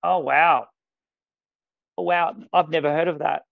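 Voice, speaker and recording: A man running a casual product training demo, talking with enthusiasm and quick exclamations. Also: a little high, fairly even intonation, creaky, no echo. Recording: dull lo-fi sound.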